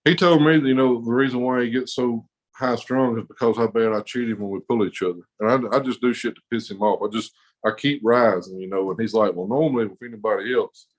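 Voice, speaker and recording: A man's voice: mid-range voice, steady tone, fairly quick, low-quality recording. A man telling a rowdy story on a podcast in a rambling, profane way, laughing often. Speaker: podcast guest. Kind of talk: casual storytelling.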